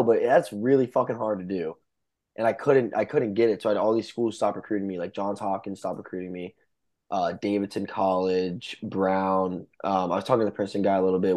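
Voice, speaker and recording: A young male podcast host with a somewhat low voice keeps the chat loose and jokey. He swears casually and asks his guest questions in an offhand, friendly way. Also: brisk, darkish tone. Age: young adult. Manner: loose, joking, swears freely.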